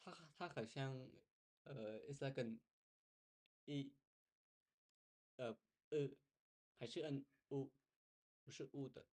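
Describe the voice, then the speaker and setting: A woman following a lesson, quietly repeating words and muttering asides to herself. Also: very deep voice, slow pace, long pauses. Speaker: learner following along.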